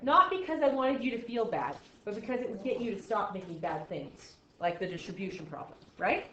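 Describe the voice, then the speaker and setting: A woman's voice: mid-range voice, animated, brisk. A woman teaching a math class in a classroom, playful and jokey, with exaggerated asides. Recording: echoey classroom, dull lo-fi sound.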